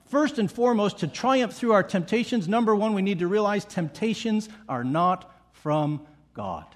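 A man's voice: high voice, animated, normal speed. A middle-aged male pastor preaching a sermon with emphatic repetition and playful asides.

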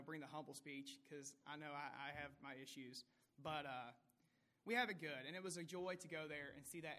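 A man's voice: a little high, pushed and bright. A man giving a heartfelt testimony about a church mission trip, earnest and rambling as he urges listeners.

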